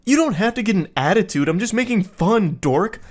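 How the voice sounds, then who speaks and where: A man putting on a pushy, mocking young guy with a high, whiny, sneering voice that swoops up in exaggerated jeers. He sounds obnoxious and full of himself. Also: animated, brisk.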